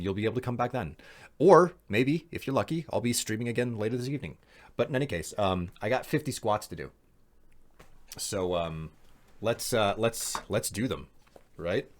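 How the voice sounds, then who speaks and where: A man streaming a game live, talking casually and chattily to his viewers, often trailing off and restarting. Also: low-pitched. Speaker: livestreamer. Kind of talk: casual livestream gameplay chat.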